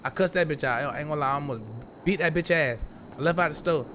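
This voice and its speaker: A man's voice: fairly high pitch, quick pace, a bit bright, slight background noise. Brash young man telling stories in roleplay. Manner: brash, profane storyteller. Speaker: streamer playing a roleplay character. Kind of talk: in-character roleplay chat.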